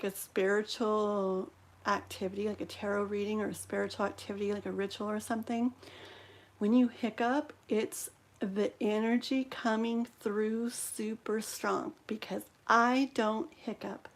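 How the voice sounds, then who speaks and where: A woman hosting a spiritual live stream, talking gently and repetitively, guiding listeners through a candle ritual, hiccuping now and then. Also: mid-range voice. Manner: gentle, repetitive, reassuring with frequent "okay".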